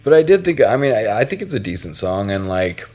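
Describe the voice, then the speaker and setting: Deep-voiced, profane podcast host. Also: male voice, big pitch swings, brisk, darkish tone, faint music behind. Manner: profane, meandering, frequent restarts. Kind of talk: casual chat.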